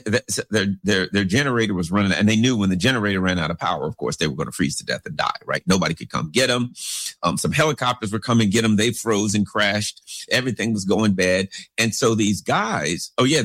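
A husky-voiced man riffing through a casual commentary, his pitch leaping high and dropping low as he rambles. His voice sits low and close in a dry, dead space. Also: dry recording. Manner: rambling, animated, swoops into big pitch jumps; acts out characters in anecdotes.

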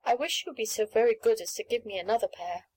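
A woman voicing an eager little girl of about seven who pleads for pretty things, speaking high and excited. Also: fast, natural voice, rough recording.

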